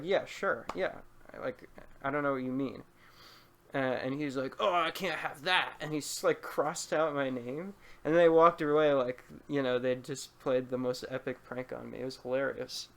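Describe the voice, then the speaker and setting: A city council candidate talks straight to his viewers in a loose, rambling way, full of fillers and amused asides. His voice is smooth and clear, sitting at an ordinary pitch for a man. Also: a bit bright. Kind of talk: casual vlog storytelling.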